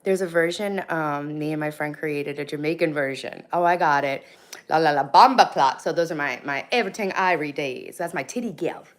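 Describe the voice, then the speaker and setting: A woman's voice: low-pitched, fairly quick, hardly any pauses. A hungover woman in her thirties chatting bluntly on a live stream from her kitchen, reading out and answering comments. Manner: chatty, blunt, swings between loud and soft, reacts to chat. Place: home kitchen.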